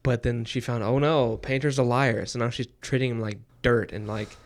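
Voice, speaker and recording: A man's voice: mid-range voice, fairly even intonation, moderate pace. A man co-hosting a book podcast, talking in a rambling way with many fillers and restarts. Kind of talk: casual chat.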